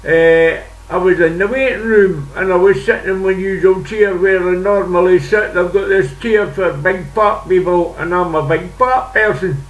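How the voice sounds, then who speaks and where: A man's voice: sits high, fairly even intonation, moderate pace, hardly any pauses. An older man with a Scottish accent, telling a rambling story in a chatty, casual way with dialect words. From Scotland. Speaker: vlogger. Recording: echoey room, distant mic.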